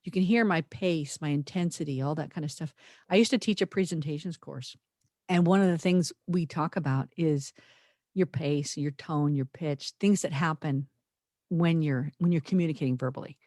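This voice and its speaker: A woman's voice: sits low, moderate pace, mellow, no room sound, studio quality. A woman co-hosting a podcast, talking in an earnest, thoughtful, emphatic way and often restarting her sentences. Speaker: podcast co-host. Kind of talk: reflective podcast conversation.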